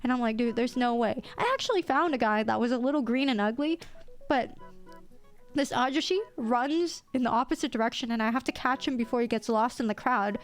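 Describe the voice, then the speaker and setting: A young woman streamer telling a story in casual chat, animated and quick to laugh, with some casual swearing. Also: a little high, soft background music. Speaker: VTuber streamer.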